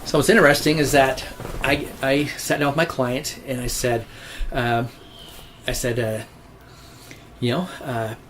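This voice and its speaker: A man's voice: mid-range voice, fairly even intonation, unhurried, long pauses, a bit bright, a little hiss or hum. A middle-aged man, a real estate agent co-hosting a podcast, telling a work story casually, with lots of restarts and repeated words.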